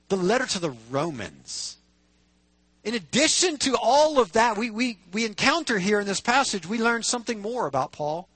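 A man's voice: high voice, a bit bright, dry recording. A man as pastor reading scripture, praying and preaching in an earnest, conversational way with rhetorical questions. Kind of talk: sermon.

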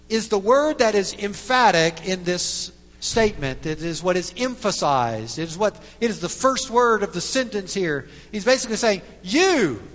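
A male pastor preaches with a high, animated voice that rises and falls widely. He speaks slowly and emphatically, checking in with the congregation, while his voice rings with long reverb through a church hall. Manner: emphatic, frequent tag questions. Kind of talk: sermon.

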